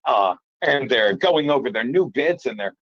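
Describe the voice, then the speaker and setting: A man's voice: medium pitch, lively intonation, normal speed, fairly bright tone, highs cut off. A man, a comedian, telling a rambling story in casual chat and laughing at himself as he goes. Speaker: comedian guest.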